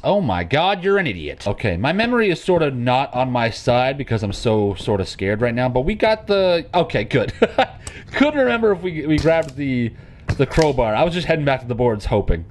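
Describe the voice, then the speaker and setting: A man with a medium-pitched voice hosts a horror game video, speaking at normal speed in an animated way. His casual let's-play commentary rambles, full of jokes, jumpy and nervous.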